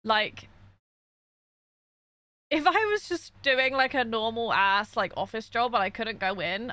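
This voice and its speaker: A woman's voice: a little high, moderate pace, pushed and bright, no room sound. Tearful young woman streaming from her bedroom. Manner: frank, venting, reads chat aloud. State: tearful after crying. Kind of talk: casual livestream chat.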